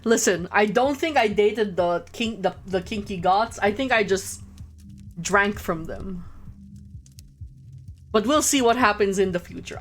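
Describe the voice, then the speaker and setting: Laughing woman streamer joking over a game. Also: mid-range voice. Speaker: streamer playing a video game. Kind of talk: casual gaming commentary.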